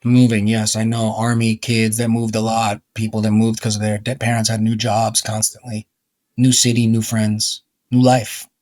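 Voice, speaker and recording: A man's voice: lowish voice, completely flat delivery, normal speed, darkish tone, dry recording. A middle-aged man from New York, a guest author, chatting casually and rambling with lots of fillers. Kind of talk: casual conversation.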